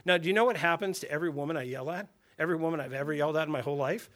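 A man's voice: on the high side, racing, a bit bright. Man preaching in a conversational voice. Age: adult with a daughter and wife. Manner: conversational preaching with rhetorical questions and repeated phrases. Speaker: pastor. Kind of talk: sermon to a men's gathering.

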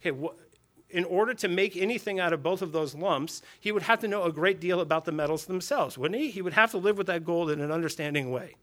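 A man delivers a sermon to a gathering of men in a slightly high voice. He preaches in a casual, talking way, asks rhetorical questions and says key lines twice. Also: fast talker, a bit bright. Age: adult with a daughter and wife. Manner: conversational preaching with rhetorical questions and repeated phrases. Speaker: pastor.

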